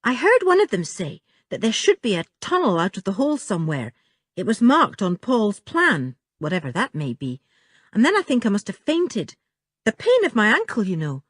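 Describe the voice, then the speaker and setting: A woman's voice: medium pitch, wildly swooping pitch, normal speed, breathy edge, no room sound, studio quality. A woman reading an audiobook, voicing a plucky young boy with an injured ankle who tells his story earnestly.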